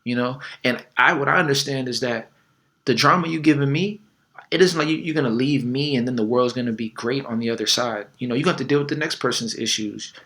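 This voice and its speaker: A man's voice: medium pitch, a little fast, sharp tone. A man coaching on dating in a casual, conversational way, full of fillers and little acted quotes. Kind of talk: casual advice talk.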